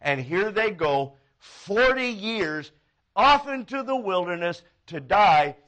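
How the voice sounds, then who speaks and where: A man preaching a sermon as a pastor, telling stories with animated, acted-out quoted voices. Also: high voice, takes it slowly.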